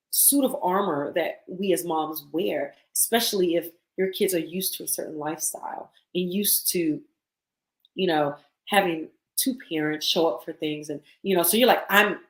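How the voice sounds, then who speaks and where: A woman's voice: on the low side, moderate pace. Guest woman, candid and chatty, thirties, roomy echo. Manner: candid, chatty, laughs often. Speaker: guest poet. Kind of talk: casual podcast conversation.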